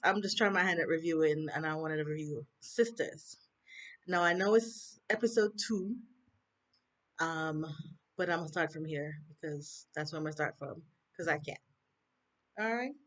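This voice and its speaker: A woman with a Jamaican accent chatting casually as she reviews a TV show, rambling with asides. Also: on the low side. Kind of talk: casual chat.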